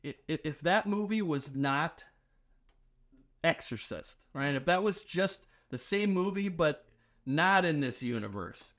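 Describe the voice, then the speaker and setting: A man in casual podcast chat, animated, acting out quoted dialogue and filling with "like". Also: fairly high pitch, measured pace. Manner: heavy use of filler "like".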